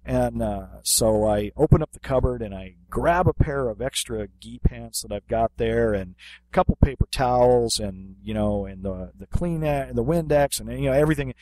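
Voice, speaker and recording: Here a martial arts instructor co-hosting a podcast spins a lively, funny tale, stumbling through fillers and restarts as he chats. He talks at a moderate pace with a medium-pitched voice, and there is no echo.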